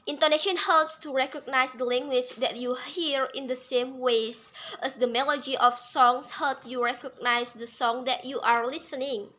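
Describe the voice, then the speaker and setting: A woman's voice: high-pitched, fairly even intonation, moderate pace, hardly any pauses, pushed and bright. A young woman, a native Indonesian speaker, reading out English lesson notes carefully, with fillers and repeated words. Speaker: English teacher.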